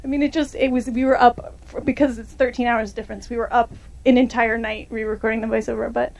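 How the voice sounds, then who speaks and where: A woman's voice: fairly high pitch, level tone, quick pace, creaky, a little mellow. A young woman filmmaker answering audience questions after a screening, in a chatty way full of fillers and restarts.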